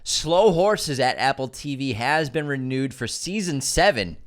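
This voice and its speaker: A man's voice: mid-range voice, lively intonation, unhurried. Role: podcast co-host. Sex: man. Style: casual movie news chat. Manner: enthusiastic, rambling, restarts his sentences.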